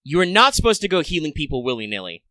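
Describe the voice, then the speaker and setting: A man's voice: on the high side, very animated, fast, sharp tone, dry recording. A man running a tabletop game as game master, rambling with many fillers and restarts.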